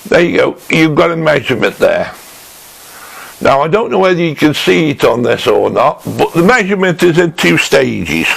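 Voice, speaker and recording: In his home workshop, a man casually shows off and reviews a woodworking tool, talking slowly and thinking aloud with restarts while a camera mic catches him handling it. His voice is on the high side, creaky, and fairly bright with big pitch swings, and the recording is low quality.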